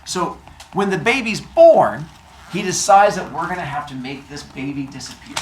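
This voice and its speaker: A man's voice: fairly high pitch, expressive, normal speed. A man telling myths to a live audience in a playful, joking way, quizzing his listeners as he goes, recorded from a distance in an echoey room with faint noise. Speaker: storyteller. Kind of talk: lively storytelling to a live audience.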